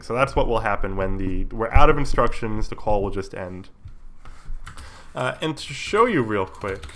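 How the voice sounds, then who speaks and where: A man with a cold talks through code on a live stream at a mid-range pitch. He explains step by step in a relaxed, easygoing way, with plenty of fillers along the way. Keyboard clicks sound behind him. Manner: relaxed, explains while typing, many fillers. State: has a cold, coughing. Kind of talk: casual live coding tutorial.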